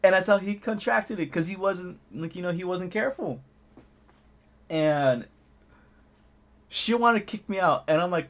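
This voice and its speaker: A man's voice: sits high, a little slow, long pauses. A young man casually telling a school anecdote, laughing often and packing in fillers. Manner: loose, laughing, filler-heavy storytelling. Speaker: channel host.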